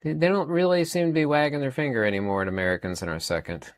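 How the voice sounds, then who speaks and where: A man in his fifties holds forth in a rambling opinion monologue, stumbling over repeated words and fillers as he presses his points. His voice sits at an ordinary middle pitch. The sound is dry and close, with no room around it. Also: fast talker, no echo. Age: 50s. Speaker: channel host.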